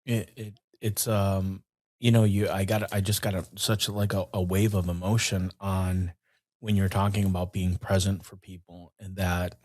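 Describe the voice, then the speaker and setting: A man hosts a podcast in a very low, slightly husky voice. He talks earnestly and often murmurs his agreement. The sound is dry and close. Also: level tone, a little slow, darkish tone, dry recording. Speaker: podcast host. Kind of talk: podcast conversation.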